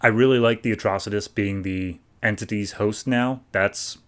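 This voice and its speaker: A man's voice: fairly low pitch, steady tone, moderate pace, a bit bright. Casual male podcast host recapping comics. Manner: loose, filler-heavy talk with frequent "like".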